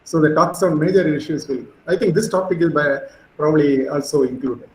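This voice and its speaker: Animated high-voiced male lecturer. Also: fairly quick, roomy sound, slight background noise, low-quality recording. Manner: animated, storytelling, frequent fillers. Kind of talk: physics lecture.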